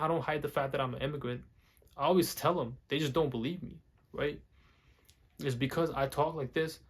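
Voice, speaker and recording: A man talks casually to camera in a voice a little above the usual male pitch. He repeats his points and stops to fix his own words. A slight nervous stutter runs through his speech. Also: fairly bright tone. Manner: repeats himself, restarts and corrects his words. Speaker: vlogger.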